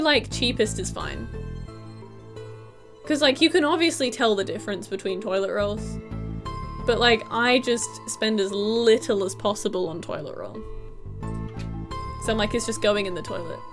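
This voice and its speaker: A woman's voice: mid-range voice, moderate pace, long pauses, over music. A young woman streaming a game and chatting casually and giggly with her viewers. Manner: chatty, giggly, talks to chat. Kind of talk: casual gaming stream chat.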